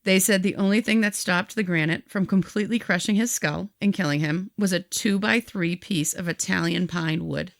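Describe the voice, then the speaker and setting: Woman, low voice, podcast co-host, casual storytelling, quotes the people in the story. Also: normal speed, creaky, few pauses, dry recording, studio quality. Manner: retells a story animatedly, quoting people in their own words.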